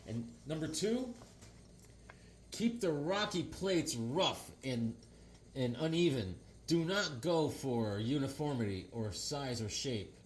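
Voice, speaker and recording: A comic book vlogger rambles casually, hopping between a personal story and showing off old comic issues. His mid-range voice is a bit bright, with slight noise in the background.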